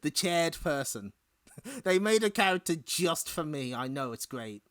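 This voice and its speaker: A man's voice: a little high, animated, unhurried, a bit bright. A man streaming a fighting game, joking wryly and giggling as he plays. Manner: giggly, wry. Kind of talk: casual gaming commentary. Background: game music.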